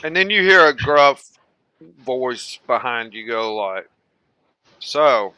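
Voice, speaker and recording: A young man narrating a tabletop game as game master, slow and halting with fillers. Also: medium pitch, lively intonation, bright, forceful tone, clean tone, dry recording, muffled recording.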